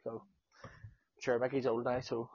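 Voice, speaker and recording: Husky Northern Irish man telling a story. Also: mid-range voice, a little slow. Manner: animated storyteller, swears freely, acts out quotes. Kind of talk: casual anecdote telling. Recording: dull lo-fi sound.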